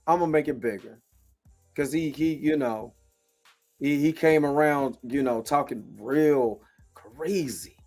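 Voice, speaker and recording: A man hosting his own commentary show in a loose, casual way, repeating filler phrases and jumping between soft and loud. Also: a little high, measured pace, soft background music. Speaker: show host.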